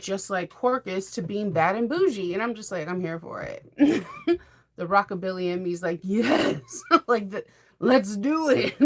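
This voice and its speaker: A middle-aged woman hosting a sewing channel, chatting casually in a rambling, enthusiastic way and laughing often. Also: medium pitch. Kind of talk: casual chat.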